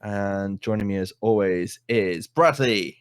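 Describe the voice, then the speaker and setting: A man's voice: on the low side, slow, no room sound, studio quality. A man hosting a casual podcast, leading the chat and laughing often. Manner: jokey, laughs often, leads the talk. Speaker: podcast host.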